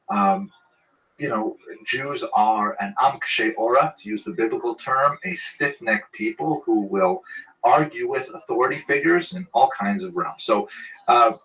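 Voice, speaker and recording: A man's voice: mid-range voice, bright, forceful tone, recorded from a distance, rough recording. A man, a rabbi, lecturing on humor, telling jokes and explaining them in an amused way with frequent fillers.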